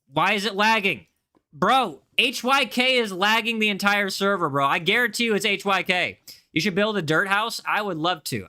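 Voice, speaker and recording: A man's voice: high voice, bright, forceful tone, clean tone. A man live-streaming a game, hyped and playful, talking straight to his chat and reading their messages aloud.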